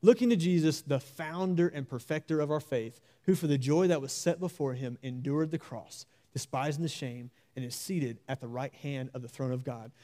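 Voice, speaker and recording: A young man preaching a sermon in an earnest, exhorting way, repeating key phrases slowly for emphasis. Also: mid-range voice, warm tone.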